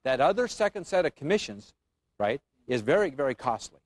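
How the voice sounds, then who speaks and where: A man's voice: fairly high pitch, sing-song, fairly quick, no echo. Man lecturing a class. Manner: quizzes class with frequent "right?" and "y'all". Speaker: options trading instructor.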